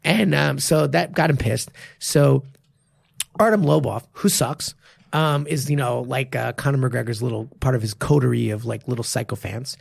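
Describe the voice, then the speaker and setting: A male martial arts coach co-hosting a podcast, who talks in an animated, emphatic way with frequent swearing. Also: mid-range voice, normal speed, creaky, husky, no echo. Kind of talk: casual podcast chat.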